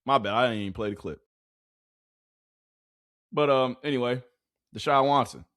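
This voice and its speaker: A young man giving casual live-stream commentary on football clips, animated and repetitive, full of slang and hype. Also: mid-range voice, normal speed, no room sound, studio quality.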